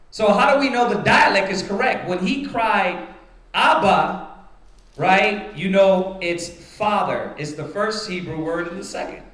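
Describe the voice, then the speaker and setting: Slow, high-voiced man teaching in an echoing hall. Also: fairly bright tone. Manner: rhetorical, repeatedly checks with "right?". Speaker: Bible study teacher. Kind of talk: teaching Bible study to a congregation. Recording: roomy echoing room.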